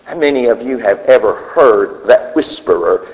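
Male pastor mid-sermon, mid-pitched, dips into whispers, long church reverb on a muffled recording. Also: lively intonation, moderate pace, a little mellow. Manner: preaching with sudden drops to a whisper. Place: church sanctuary. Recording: dull sound with long hall reverb.

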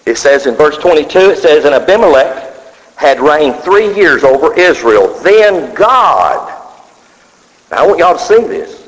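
A man preaching a sermon, dropping to low murmurs and rising to shouted cries. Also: big pitch swings, a little slow. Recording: muffled hall recording.

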